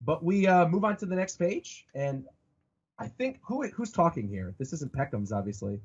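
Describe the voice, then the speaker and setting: A male podcast co-host jokes around in casual chat. His voice is husky and bounces up and down, a bit high. The audio sounds dull and lo-fi. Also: very animated, normal speed, darkish tone.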